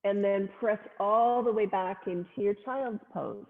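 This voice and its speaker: A woman leading a family yoga class, cueing poses gently and playfully with little animal sounds. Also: medium pitch, a little slow. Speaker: yoga instructor. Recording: phone-like sound in a long-echo room.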